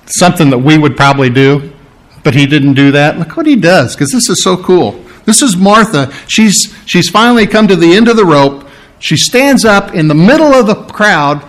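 A man preaching a sermon, acting out scripture scenes, then dropping to a soft, quiet voice for tender lines. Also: moderate pace. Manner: animated, acts out scripture scenes with big pitch swings.

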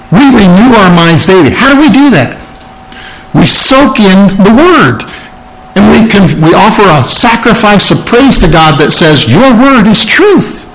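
A man's voice: high voice, low-quality recording. A male pastor preaching a sermon, explaining scripture verse by verse with emphatic points and questions to the congregation.

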